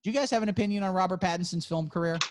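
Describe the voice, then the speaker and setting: A man's voice: sits high, rapid-fire, background noise. A man co-hosting a podcast, chatting casually, joking and swearing a lot. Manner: profane, joking, laughs often. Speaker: podcast co-host. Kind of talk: casual chat.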